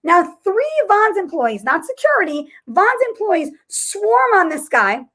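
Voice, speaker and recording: Woman, podcast co-host, high voice, bright tone, emphatic, indignant. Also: very animated, unhurried. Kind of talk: comedic casual chat.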